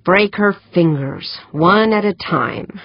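A woman's voice: medium pitch, measured pace, breathy edge, dry recording, pitched above the performer's own voice. A woman voicing a cold, cruel female interrogator who speaks in a commanding way. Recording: dry, slightly dull lo-fi sound.

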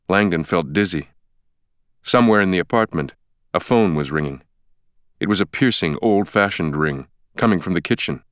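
A man reading an audiobook in a measured, steady way, close to a studio mic. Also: deep voice, smooth, dry recording. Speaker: audiobook narrator. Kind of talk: scripted audiobook narration.

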